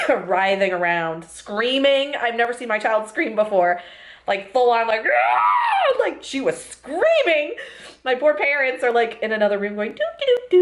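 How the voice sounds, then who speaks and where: A young woman with a mid-range voice chats casually in a vlog. She's talkative, laughs often, and puts on voices when quoting people.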